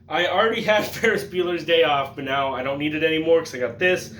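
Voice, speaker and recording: A young man talks through his collection in a loose, joking vlog manner, swearing freely and breaking into laughs and loud excited outbursts. His voice sits fairly high for a man. The room around him is echoey, with a clear reverberant ring. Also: brisk. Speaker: collector showing his Blu-ray haul. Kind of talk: casual chat vlog.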